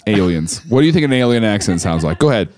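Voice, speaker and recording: Lively, joking male podcast host. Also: on the low side, quick pace. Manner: joking, laughs often, riffs in silly voices. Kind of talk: casual comedic chat.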